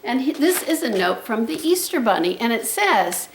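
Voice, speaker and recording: Sing-song high-pitched woman coaxing a dog. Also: sing-song, normal speed, few pauses, breathy edge. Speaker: preschool teacher. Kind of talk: video message to preschoolers.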